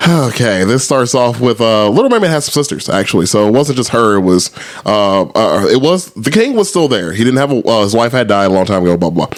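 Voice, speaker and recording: A man's voice: lowish voice, sing-song, a little fast. A man hosting a podcast, telling stories in a loose, profane, laughing way. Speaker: podcast host. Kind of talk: casual podcast chat.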